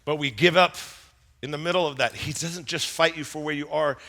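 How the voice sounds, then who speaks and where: Against slight background noise, a middle-aged male pastor animatedly tells stories in his sermon, performing scenes and voices. He talks fairly quickly at a fairly high pitch.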